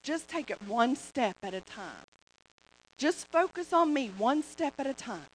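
A woman voicing God as a calm, gentle guide, speaking lower and quieter than her usual voice. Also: a little slow, a little hiss or hum, poor audio.

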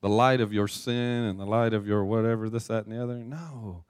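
Male pastor, low voice, conversational sermon with storytelling and lots of restarts. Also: steady tone, a little fast, clear, resonant tone. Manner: chatty, self-deprecating storyteller with restarts. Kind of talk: casual sermon with personal story.

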